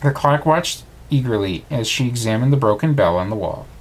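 Husky dad reading a bedtime story, very lively up-and-down voice. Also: male voice, mid-range voice, a little fast. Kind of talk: storybook read-aloud.

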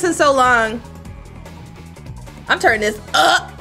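A woman game streamer chatting casually and excitedly with her live chat while setting up a game. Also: fairly high pitch, unhurried, soft background music.

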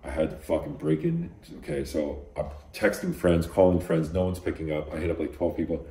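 Low-voiced man telling a rambling, profane story. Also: lively intonation, a little fast, mellow. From Los Angeles. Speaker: graffiti artist guest. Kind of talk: casual storytelling interview. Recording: echoey room.

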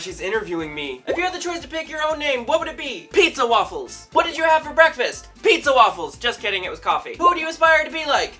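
A young man hosts a casual vlog, reading fan mail aloud in a high, bright voice. He is excitable and gushing, breaking into squeals. Faint music plays behind him. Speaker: YouTube host.

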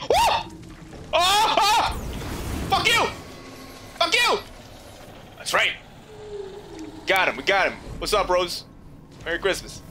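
A gaming YouTuber doing let's play commentary, yelling, shrieking and swearing at scares and taunting the enemies on screen, with game music behind. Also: mid-range voice, noisy background.

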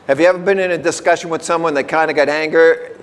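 Folksy preacher in a reverberant hall. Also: male voice, on the high side, steady tone, clear, resonant tone. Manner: folksy, chatty, reads definitions slowly word by word. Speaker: pastor. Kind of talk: conversational sermon.

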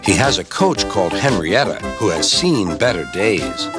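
A man narrates a children's story in a measured, expressive way. His voice sits slightly low but moves a great deal, with loud music underneath.

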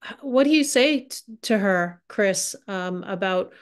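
Smooth-voiced woman moderating a webinar. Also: medium pitch, expressive, measured pace. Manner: friendly, with many fillers. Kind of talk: hosting a Q and A.

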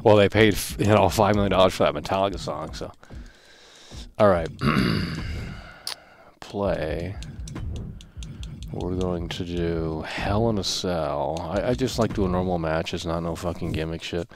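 A man streaming a wrestling video game, trash-talking the screen with lots of swearing, swinging from yelling to low muttering. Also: a little slow, pauses often, slight background noise. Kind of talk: casual live-stream commentary.

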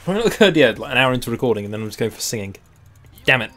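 Excitable young male gameplay commentator. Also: mid-range voice, very fast. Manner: excitable, swears at the game, laughs it off. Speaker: gaming YouTuber. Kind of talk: let's play commentary.

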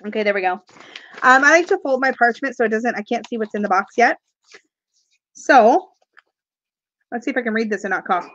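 The recording is muffled, but her fairly high, fairly bright voice comes through expressive and fairly quick, with frequent pauses. She's a tarot video creator with a cough, sucking cough drops while chatting casually on a live stream, unboxing, rambling, laughing, and reading out viewer comments.

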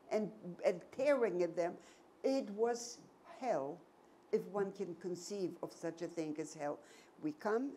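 A woman in her nineties giving a personal testimony to an audience, telling her story slowly and emphatically with many repetitions. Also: medium pitch, dark tone, slight background noise. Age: 90s. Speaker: Holocaust survivor giving a talk.

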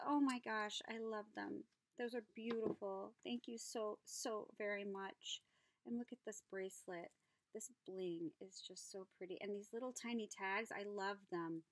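A woman hosting a craft channel, opening a mail package and gushing over each item with gasps, soft whispers and breathy exclamations. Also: a little high, a little slow, no echo. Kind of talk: casual unboxing chat.

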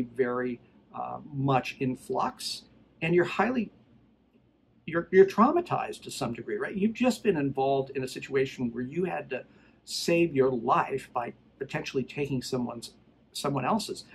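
Middle-aged male trainer, plain mid-pitched voice, emphatic casual delivery, faint hiss behind. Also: poor audio. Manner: emphatic, conversational, retells scenarios with acted quotes. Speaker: firearms trainer. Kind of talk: casual instructional talk.

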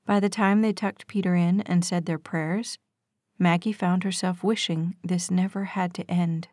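A woman narrates an audiobook in a calm, steady way. Her voice sits a little low and sounds close and dry, with no room around it. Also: a little slow, no echo. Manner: calm, even storytelling. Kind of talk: scripted narration.

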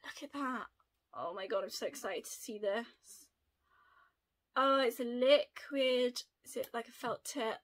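A young woman chatting through an unboxing video, gushing and excitable, often gasping with delight. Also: a little high, measured pace. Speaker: unboxing vlogger. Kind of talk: casual unboxing chat.

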